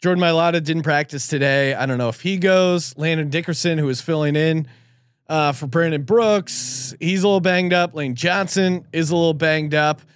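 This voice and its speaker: A man co-hosting a casual sports betting show jokes, rambles, and laughs easily. His voice is smooth and fairly high, at a moderate pace, with studio-quality sound and no room noise.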